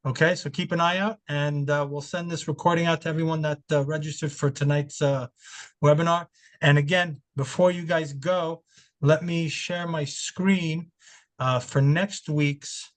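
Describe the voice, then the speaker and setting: A man's voice: a little high, steady tone, normal speed. A man hosting a webinar over a video call, talking loosely and often repeating his words. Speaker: webinar host. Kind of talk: casual webinar chat.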